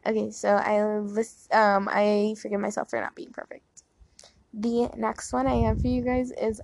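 A woman's voice: mid-range voice, flat delivery, measured pace, vocal fry, a little mellow, a little hiss or hum, poor audio. A young woman chatting casually and leading affirmations, rambling and filling her talk with "like" and "um". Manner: rambling, heavy use of "like" and fillers. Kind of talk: casual chat and guided affirmations.

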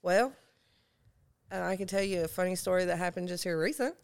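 A woman, telling funny stories as a guest in a casual chat, growing animated as she retells them. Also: a little fast, creaky. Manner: animated, rises high when retelling her own shouting.

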